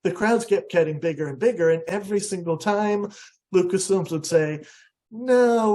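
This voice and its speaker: An American man giving a storytelling presentation, animated and jumping up high in pitch when he acts out what people said. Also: unhurried. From USA. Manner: animated, acts out quotes with big pitch jumps. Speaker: guest speaker.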